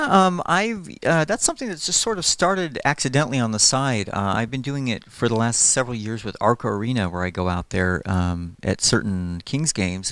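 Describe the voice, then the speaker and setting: Explaining his work in a casual interview, a middle-aged animator and storyboard artist speaks in a lowish, fairly bright, clean voice with no room sound. He's friendly and rambles, using lots of fillers.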